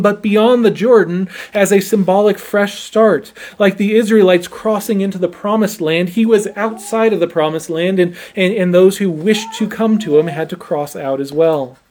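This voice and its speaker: A man preaching an expository sermon, earnest and emphatic, often repeating his first words as he goes. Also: sits high. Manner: earnest, stammering repetitions, emphatic.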